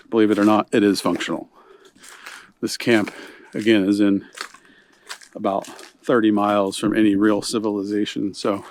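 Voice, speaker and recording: A man giving a casual walking tour of a hunting camp outdoors, huffing a little in the heat, recorded on a handheld camera. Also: fairly low pitch. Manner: relaxed, chatty, points things out as he walks.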